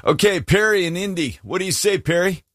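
A man's voice: sits high, animated, fairly quick, fairly bright tone. A man hosting a call-in radio talk show, responding to callers with enthusiasm. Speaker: radio host.

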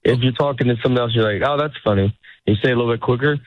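A man's voice: mid-range voice, fairly even intonation, very fast, dry recording. A middle-aged man, a stand-up comedian, chatting casually and rambling, acting out the lines he quotes. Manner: rambling, self-interrupting, acts out quoted lines. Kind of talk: casual interview chat. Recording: dull lo-fi sound.

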